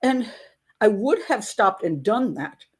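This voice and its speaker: An older woman, a grandmother, hosts a casual livestream. She tells a story with indignation and dry humor, and her voice sits at an everyday middle pitch. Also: big pitch swings, slow, husky. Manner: indignant storytelling, wry laughs. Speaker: host.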